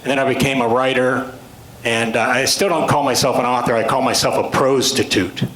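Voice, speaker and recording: A man's voice: mid-range voice, steady tone, fairly quick, a bit bright, a little hiss or hum. A man in his late fifties giving a humorous storytelling talk to a club, with dry, self-deprecating punchlines and rambling asides. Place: club meeting room with an audience. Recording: roomy hall sound with faint ambience. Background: audience laughter.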